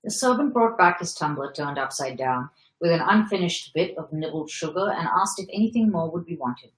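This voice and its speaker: A woman reading a novel aloud in a calm, measured manner. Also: lowish voice. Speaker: reader. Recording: roomy echo.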